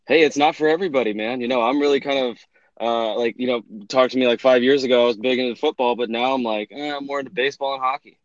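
A man hosting a podcast in casual chat, easygoing and quick to laugh, often restarting his questions. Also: medium pitch, fairly even intonation, no echo. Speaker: podcast host. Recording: dull muffled sound.

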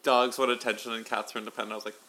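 Bright-voiced man, hesitant casual chat. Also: mid-range voice, level tone, racing. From Pittsburgh, US. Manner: hesitant, full of likes and restarts. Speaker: podcast co-host.

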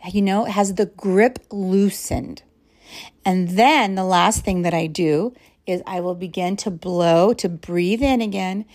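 Slow, calm woman guiding mindfulness. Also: medium pitch. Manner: slow, calm and reflective, drops to soft whispers at times. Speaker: podcast host. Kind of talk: guided mindfulness talk.

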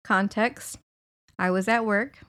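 A woman's voice: medium pitch, slow. A woman co-hosting a podcast, telling stories with giggles and casual swearing. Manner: giggly, animated storytelling with swearing. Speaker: podcast co-host. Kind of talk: casual chat.

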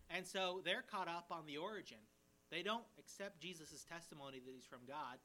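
A man as a pastor, teaching a sermon verse by verse with lively emphasis and paraphrased quotes. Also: sits high, slight background noise.

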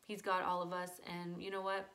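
A woman's voice: lowish voice, completely flat delivery, normal speed, a bit bright. Woman doing a church devotional, earnest and encouraging, lots of "just". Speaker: church speaker.

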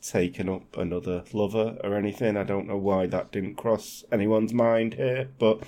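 A man from England telling a true crime story on a podcast in a casual, swearing, animated way. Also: on the low side, normal speed. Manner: swearing, animated, laughs often.

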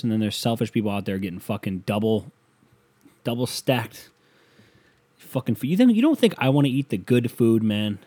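A man's voice: on the low side, animated, moderate pace, a little mellow. A man delivering a profane, sarcastic comedic rant as a solo monologue.

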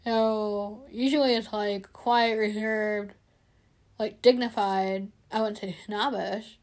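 A woman's voice: mid-range voice, fairly even intonation, takes it slowly. A woman in casual chat, enthusiastic and eager to explain her views. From United States.

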